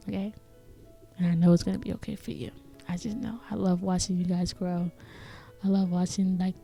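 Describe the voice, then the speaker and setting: Mellow-voiced woman podcast host. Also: fairly low pitch. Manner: affectionate, pep-talk tone, swears casually, drops into whispers. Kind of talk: casual encouraging monologue.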